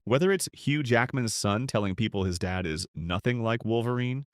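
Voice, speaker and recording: A man's voice: mid-range voice, expressive, moderate pace, dry recording, clean studio sound. A man narrating a celebrity compilation in a scripted voice-over.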